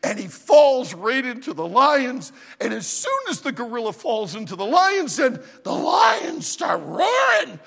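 A man preaching a sermon in a church auditorium, an animated, emphatic storyteller, with long hall reverb. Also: extremely high pitch, a little slow, vocal fry, hardly any pauses, breathy edge. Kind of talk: sermon with a told joke.

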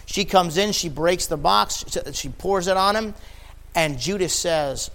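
A man preaching a sermon, building from quiet explanation to impassioned, near-shouted emphasis. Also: sits high, normal speed, vocal fry.

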